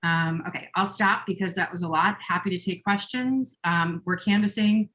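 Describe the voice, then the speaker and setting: A woman's voice: fairly low pitch, moderate pace, fairly bright tone. A woman organizer presenting on a video call, earnest, with many fillers and rising feeling. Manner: earnest, fillers, grows emotional. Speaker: campaign organizer.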